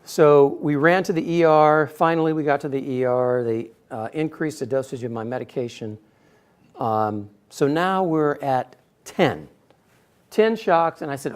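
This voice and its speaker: A middle-aged man telling a personal story in a speech to an audience, acting out quotes with sudden loud bursts. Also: fairly high pitch, lively intonation, a little slow, clear, resonant tone. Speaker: speaker giving a personal talk.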